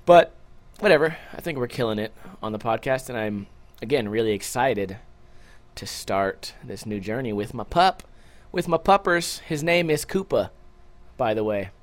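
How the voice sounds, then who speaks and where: A man's voice: mid-range voice, lively intonation, moderate pace. A young adult man hosting a casual solo podcast, rambling loosely with lots of swearing and jokes, tired from a short night's sleep. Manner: loose, profane, rambling and joking. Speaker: podcast host.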